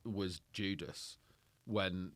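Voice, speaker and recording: A man guesting on a chat podcast as a comedian, getting excited and laughing easily as he answers. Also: low-pitched, dry recording. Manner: excitable, laughs often, quick bursts of enthusiasm.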